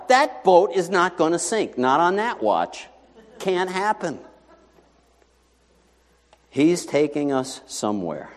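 A male pastor preaching a sermon in a lively, conversational way, full of rhetorical questions to the congregation. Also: a little high, slow pace, long pauses. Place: church sanctuary. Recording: long reverb in a large hall.

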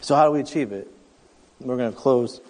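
A man's voice: medium pitch, a little fast, a little mellow, big-room sound. A man in his thirties preaching a sermon in a conversational, storytelling way, often restarting his sentences. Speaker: pastor.

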